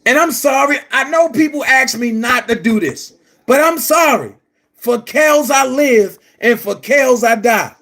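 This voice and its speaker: Brief: man, very high voice, angry profane commentary rant, frequent shouting, blunt and repetitive. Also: a little slow. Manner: blunt and emphatic, repeats phrases. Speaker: online commentary host. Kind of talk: heated vlog rant.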